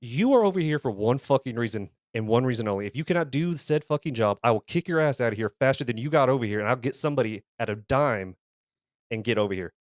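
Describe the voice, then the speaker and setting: A man's voice: medium pitch, animated, quick pace, no echo, clean studio sound. A man co-hosting a podcast, telling a workplace story casually, swearing often and restarting and repeating his words as he gets worked up. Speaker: podcast co-host.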